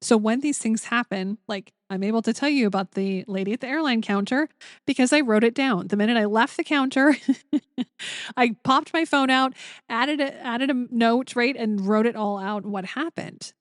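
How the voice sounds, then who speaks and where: Young woman doing a spiritual podcast, gentle rambling storytelling, dry close mic. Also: on the high side, normal speed, no room sound. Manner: gentle, earnest, storytelling with many fillers. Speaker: podcast host. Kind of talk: casual spiritual podcast monologue.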